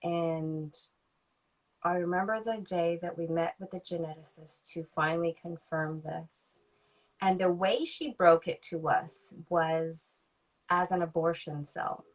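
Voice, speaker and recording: This fairly low-voiced woman in her forties speaks a little slowly, captured on a low-quality recording. She's a podcast guest sharing a frank, reflective personal story, peppered with ums, in which she acts out conversations from memory.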